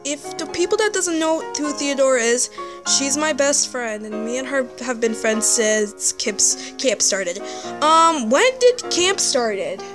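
A young female vlogger talking to camera, sighing often, halting and restarting her sentences. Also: sits high, over music. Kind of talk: emotional vlog to camera.

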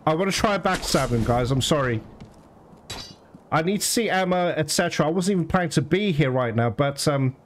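A man doing let's play commentary as host, excitable, swearing and laughing at the game. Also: on the high side, fairly quick, slight background noise. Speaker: gaming channel host. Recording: game music behind the voice.

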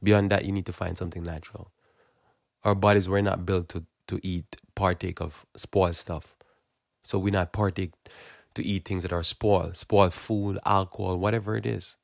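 A man's voice: low-pitched, flat delivery, moderate pace, creaky, no room sound, clean studio sound. A man giving a blunt, emphatic, informal sermon, often repeating words as he builds his point. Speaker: Christian preacher. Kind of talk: informal preaching monologue.

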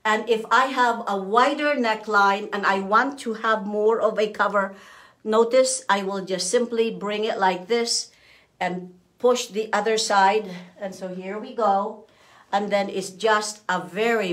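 A woman's voice: medium pitch, a bit bright. A woman selling scarves in a live demonstration, walking viewers through each step patiently. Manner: slow, patient step-by-step instructions. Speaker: seller showing scarves.

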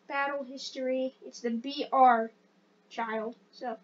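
High pitched girl rambling over her game, excitable, kinda self-deprecating, muffled lo-fi mic. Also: slow. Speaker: gaming channel host. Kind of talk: casual gameplay commentary.

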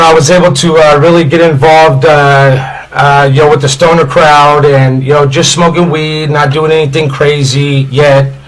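A man's voice: on the high side, low-quality recording. A man from Indiana telling his life story as an interview guest, rambling and candid, with many "you know" fillers.

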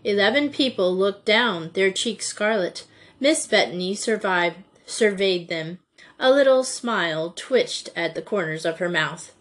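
A woman narrating a classic children's school novel in a measured, clear storytelling manner. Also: medium pitch, animated, fairly bright tone. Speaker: audiobook narrator.

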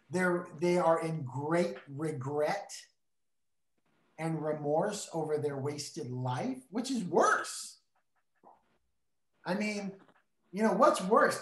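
A middle-aged man teaching in a casual Bible discussion, earnest and emphatic like a preacher. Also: a little high. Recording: roomy echo.

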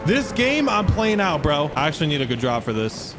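Excitable high-voiced male gaming streamer. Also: brisk, over music. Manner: excitable, yelling, trash-talking. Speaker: gaming streamer and tournament host. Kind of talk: live gameplay commentary. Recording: noticeable background noise.

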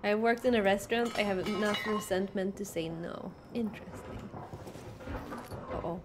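A woman's voice: medium pitch, normal speed, noisy background. A young woman streaming a game, chatting casually with her viewers, asking them questions and laughing often. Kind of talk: casual live-stream chat while playing.

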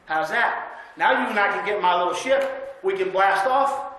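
High-voiced folksy preacher in an echoey church. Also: male voice, lively intonation, normal speed, bright, forceful tone. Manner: folksy, conversational, asks the congregation for amens. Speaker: guest preacher. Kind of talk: sermon with storytelling. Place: church sanctuary.

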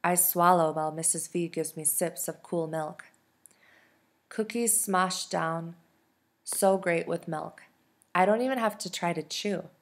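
A woman, a teacher, reading a novel aloud in soft, steady storytelling. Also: on the low side, unhurried. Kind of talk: audiobook narration.

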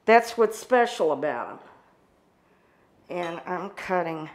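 A woman's voice: lowish voice, lively intonation, slow. A woman chef with a Southern accent giving a folksy, chatty cooking demonstration. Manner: folksy, chatty, says y'all and sister.

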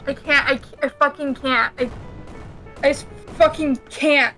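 High, bright-voiced raging gamer woman. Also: fairly even intonation, brisk, soft background music. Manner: raging, cursing, screaming in frustration. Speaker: co-player. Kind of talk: let's-play gaming commentary.

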